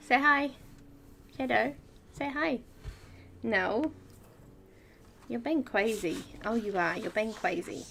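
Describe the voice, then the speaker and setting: A woman's voice: a little high, takes it slowly, vocal fry, long pauses, fairly bright tone, slight background noise. A woman hosting a live coloring stream, chatting casually, giggling often and greeting viewers by name. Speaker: coloring livestream host.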